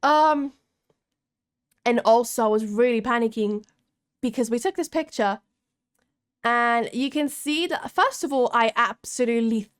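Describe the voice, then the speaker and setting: A young woman from Italy telling an excited story to camera as a vlogger, often laughing and restarting her sentences. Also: fairly high pitch, normal speed, clear, resonant tone.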